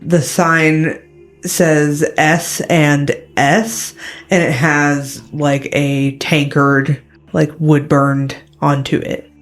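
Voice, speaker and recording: A woman narrating a tabletop game as game master, relaxed and full of fillers. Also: low-pitched, drawn-out words, faint music behind.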